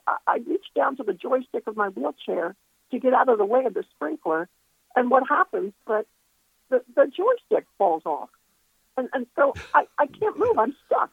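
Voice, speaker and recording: A woman's voice: a little high, creaky, breathy edge, dry recording. An older woman telling a heartfelt personal faith story as co-host of a Christian talk show. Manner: heartfelt and expressive. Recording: dry, tinny phone-like line.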